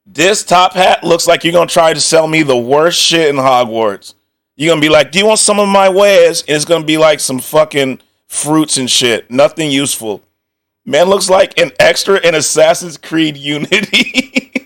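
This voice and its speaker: Young man, streamer, casual reaction chat, laughs a lot, swears, slightly high voice, slow talker. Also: a bit bright. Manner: laughing often, swearing, joking banter.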